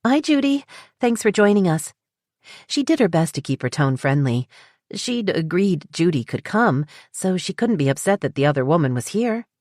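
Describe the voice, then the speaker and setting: A woman reads a romance audiobook with a low, steady voice and measured pacing. She is close to the mic, and the sound is dry, with no room around it. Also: dry recording. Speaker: audiobook narrator. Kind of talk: scripted narration.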